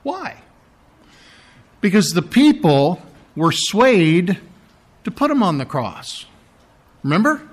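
A man preaching a sermon, explaining scripture with animated emphasis and mocking asides. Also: high-pitched, slow, pauses often, slightly rough. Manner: animated, mocks the priests in a put-on sneering voice.

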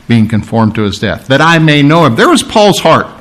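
A man preaching a sermon, acting out scripture scenes, then dropping to a soft, quiet voice for tender lines. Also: moderate pace. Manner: animated, acts out scripture scenes with big pitch swings.

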